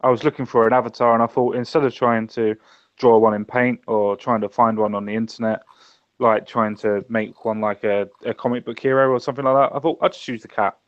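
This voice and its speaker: A man explaining things in a relaxed way, in casual chat. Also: medium pitch, fairly quick, no room sound, dull audio.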